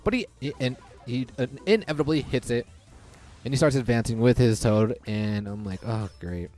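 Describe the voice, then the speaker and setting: A young man giving casual, excitable commentary over his own gameplay, reacting loudly to lucky and unlucky rolls. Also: medium pitch, normal speed. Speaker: gaming commentator. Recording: faint background music.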